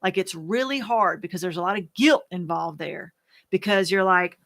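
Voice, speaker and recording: A woman, a widow, talking candidly to the camera, soft-spoken and earnest, halting and searching for words with many fillers. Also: fairly low pitch. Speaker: widow sharing her experience. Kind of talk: candid personal talk to camera.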